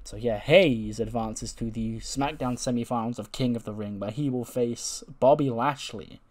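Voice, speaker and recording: A man's voice: mid-range voice, moderate pace, darkish tone. Chatty male game commentator. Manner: chatty, storytelling. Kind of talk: casual retelling of a wrestling sim playthrough.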